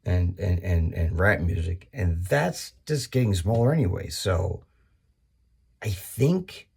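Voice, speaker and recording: A man doing a rambling, profane comedy monologue, full of restarts and sudden high-pitched bursts. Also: takes it slowly, gravelly, a little mellow, slightly rough.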